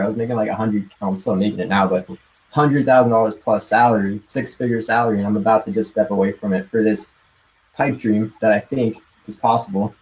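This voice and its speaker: A young man with a lowish voice tells his story in a loose, excited rush, laughing often and dropping casual swears. He sounds like he's chatting on a live call with friends. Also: quick pace, poor audio. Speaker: guest sharing success story.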